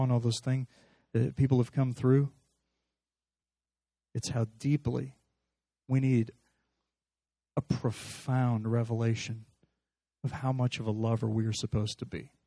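A man preaching a sermon in a lively, conversational way, acting out little dialogues as he speaks to a live congregation. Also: medium pitch, normal speed, long pauses, no echo. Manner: animated, conversational, acts out dialogue.

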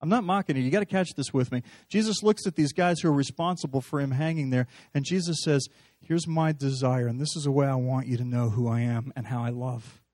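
A man preaching a sermon in a lively, conversational way, acting out little dialogues as he speaks to a live congregation. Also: mid-range voice, fairly quick, no room sound. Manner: animated, conversational, acts out dialogue.

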